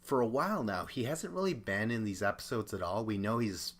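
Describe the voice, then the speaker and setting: A man's voice: on the low side, expressive, fairly quick, a bit bright. Chatty opinionated man recapping a show. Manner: chatty, opinionated, acts out quotes. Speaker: podcast host. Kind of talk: casual recap commentary.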